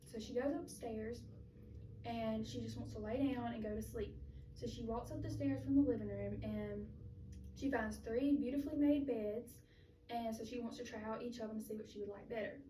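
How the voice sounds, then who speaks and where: A woman's voice: a little high, fairly even intonation, normal speed, warm tone. A young woman giving a speech in which she retells a children's story in a chatty, loose way. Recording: roomy, distant mic with faint noise.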